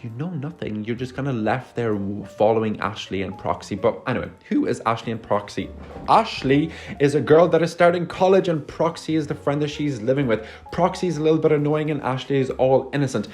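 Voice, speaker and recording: Guy on a phone mic ranting sarcastically about a bad movie, soft music behind. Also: mid-range voice, brisk. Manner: sarcastic, swearing, exasperated. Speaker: movie reviewer. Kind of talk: casual movie review rant.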